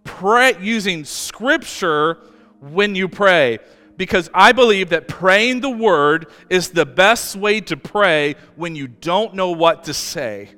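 A man's voice: high voice, lively intonation, bright, forceful tone. A man preaching a sermon as a pastor, talking in a loose, conversational way full of restarts and growing emphatic when he reads scripture aloud. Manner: conversational and halting, with many restarts, building to emphatic scripture reading. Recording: long reverb with faint music.

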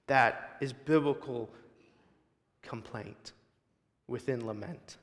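A man's voice: medium pitch, fairly even intonation, slow pace, in a large hall. A male guest preacher delivering a sermon in a church, building emphasis through repetition. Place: church sanctuary.

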